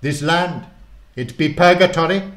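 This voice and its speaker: A man voicing a wild, hungry old male warlock from the past, with a gruff voice and booming, archaic speech. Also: measured pace, fairly bright tone, reverberant. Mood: solemn.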